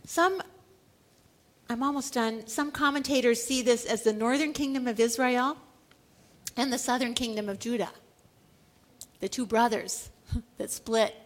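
High-voiced woman preaching a lively sermon. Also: measured pace, long pauses. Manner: animated storytelling, acting out quoted lines, laughs often.

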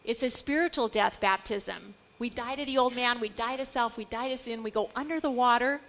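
A woman's voice: fairly high pitch, a little fast, a bit bright, a little hiss or hum. A middle-aged woman teaching a Bible study, earnest and building to emphatic declarations.

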